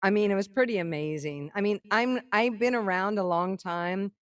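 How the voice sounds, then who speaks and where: A middle-aged woman, a songwriter and keynote guest, telling a story in casual talk. She is animated, swears freely and acts out what other people said. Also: mid-range voice, moderate pace, dry recording, clean studio sound.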